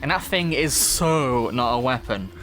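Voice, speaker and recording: A man with a Manchester accent voicing a bratty young female villain inventor in a game, reading her lines in a sneering, high voice. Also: expressive, a little slow, fairly bright tone, soft background music. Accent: Mancunian.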